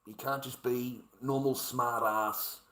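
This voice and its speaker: Older Aussie bloke, aggrieved swearing rant, bright tense voice, roomy echo. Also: male voice, medium pitch, fairly even intonation, takes it slowly. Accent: Australian. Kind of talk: ranting vlog monologue.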